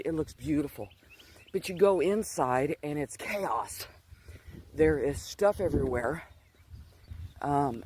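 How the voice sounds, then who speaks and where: A man's voice: on the high side, a little mellow, a little hiss or hum. A middle-aged man speaking in a slightly raised register, a little out of breath as he walks outside. He tells his story loosely, doubling back and restarting often. Faint rural outdoor ambience sits behind him. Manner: rambling, digressive storytelling with many restarts. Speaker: Christian vlogger. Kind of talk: casual personal testimony. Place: outdoors, walking.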